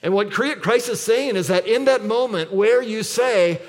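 Brief: male pastor, slightly high voice, emphatic sermon delivery, reverb of a large church hall. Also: animated, moderate pace, few pauses. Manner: emphatic, with repeated scripture and rhetorical questions.

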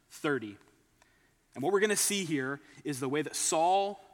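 A man's voice: a little high, fairly bright tone. Man preaching in a reverberant hall. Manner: storytelling, retells scripture with emphatic asides. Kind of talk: sermon.

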